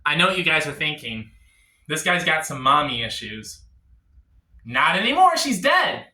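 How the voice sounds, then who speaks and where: Animated male stand-up comedian, echoey room. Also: on the high side, normal speed. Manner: jumps between voices, animated storytelling.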